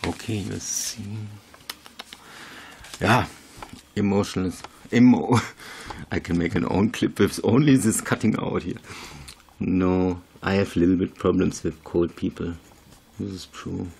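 A man's voice: deep voice, steady tone, a little slow, creaky, long pauses, darkish tone, a little hiss or hum. A man, chatting casually through a craft tutorial in broken English, rambling and laughing at himself. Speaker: video maker.

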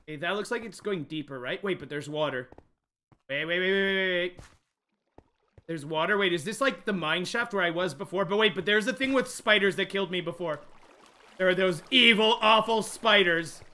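A young man streaming a game live, jumpy and excitable, talking straight to his chat. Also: sits high, moderate pace. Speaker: gaming livestreamer. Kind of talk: live let's-play commentary.

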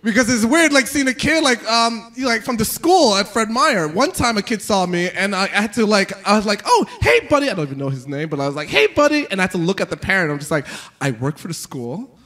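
A male stand-up comedian performing live, with a rambling, animated delivery full of fillers and sudden jumps into exaggerated voices. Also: high-pitched, quick pace, few pauses.

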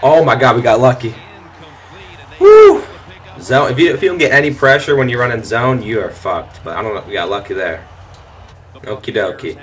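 A man's voice: mid-range voice, fast talker. Young man swearing over a football game. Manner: frustrated, swearing, shouts and laughs at plays. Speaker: gaming channel host. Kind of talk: gameplay commentary.

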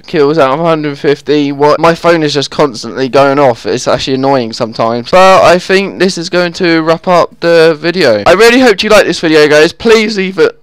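A man's voice: on the high side, moderate pace, few pauses, clean tone, no room sound. Exasperated man narrating gameplay. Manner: easily exasperated, groaning at the game. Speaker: gaming channel host. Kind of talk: live gameplay commentary.

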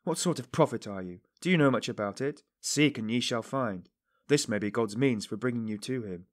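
A man's voice: medium pitch, brisk, natural voice. A man voicing an earnest middle-aged police investigator who pleads fervently with a suspect in an audiobook.

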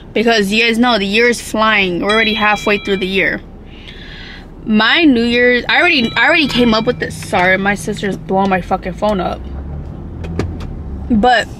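A woman's voice: mid-range voice, a bit bright, a little hiss or hum, rough recording. A young woman from Milwaukee, vlogging in a chatty, upbeat way, rambling and swearing freely. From Milwaukee, Wisconsin. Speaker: vlogger and makeup artist. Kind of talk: casual vlog chat.

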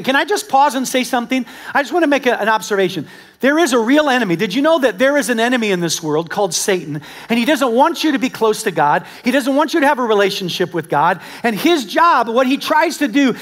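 A male pastor preaching a sermon in a conversational, animated storytelling manner, talking directly to his congregation. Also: extremely high pitch. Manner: animated storytelling with acted-out quotes. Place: church service with a congregation.

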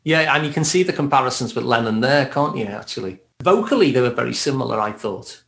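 This Liverpool-born therapist speaks in a mid-range voice with lively intonation, a quick pace, vocal fry, and a fairly bright tone. He's a podcast guest in a casual conversation, thoughtful and laughing lightly, with a Scouse accent.

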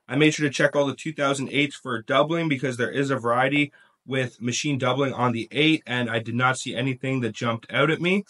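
A man's voice: medium pitch, fairly bright tone. A man hosting a coin collecting video, casually talking through his finds. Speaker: coin collecting channel host. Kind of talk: casual show-and-tell narration.

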